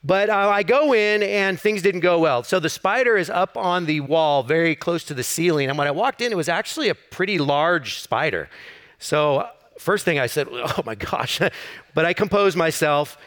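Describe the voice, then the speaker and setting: A man's voice: on the high side, expressive, moderate pace, a bit bright. A middle-aged man, a campus pastor, preaching a sermon in an easy storytelling way with self-deprecating humor.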